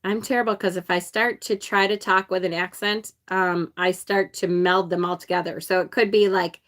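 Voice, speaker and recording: A tarot channel host with an upstate New York accent unboxes a card deck on a casual live stream, chatting, laughing often and reading viewer comments aloud. Her voice is lowish and a bit bright, with a steady tone and moderate pace.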